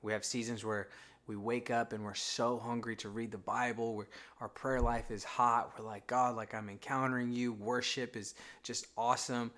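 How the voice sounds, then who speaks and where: A young man talks about faith in a relaxed, everyday way, as if chatting with a friend. His voice sits in an ordinary middle range. He slips into quick quoted asides to act out doubts and inner thoughts. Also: mid-range voice. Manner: casual, conversational, acts out quoted thoughts. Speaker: Christian content creator. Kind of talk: faith-talk monologue.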